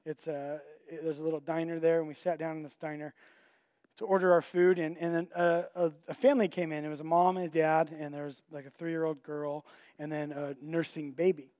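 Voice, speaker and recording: A man's voice: on the high side, level tone, fairly quick, a little mellow, no echo. A middle-aged man, a pastor, telling a personal story in a sermon, conversational with frequent restarts.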